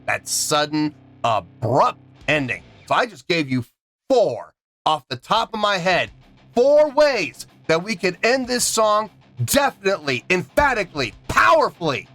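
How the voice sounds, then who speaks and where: A man's voice: sits high, big pitch swings, unhurried, fairly bright tone, faint music behind. A man reviewing a song in an emphatic, indignant rant, counting out beats aloud. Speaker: music reaction reviewer.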